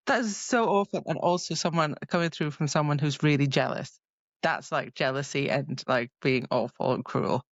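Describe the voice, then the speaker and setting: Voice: medium pitch, normal speed, dry recording. Co-host retelling scenes, dull dry sound. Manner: retells scenes animatedly, quoting the characters. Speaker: podcast co-host. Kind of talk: casual book discussion.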